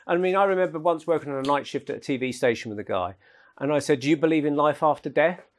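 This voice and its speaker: A man with a somewhat high voice gives a loose, anecdotal talk. He rambles from story to story and often laughs at his own jokes. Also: quick pace. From England. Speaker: speaker at a paranormal talk. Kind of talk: informal lecture with anecdotes. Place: lecture room at an event.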